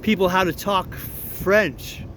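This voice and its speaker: A clever young runaway boy, as a man reads him in an audiobook, explaining things patiently in plain, rustic dialect. The voice is fairly high and unhurried. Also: fairly bright tone, slight background noise.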